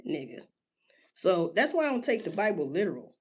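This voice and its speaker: This solo commentator rants casually in street slang, cursing and throwing out rhetorical questions. Her pitch swings widely and jumps suddenly, words are drawn out for emphasis, and her voice has a breathy edge.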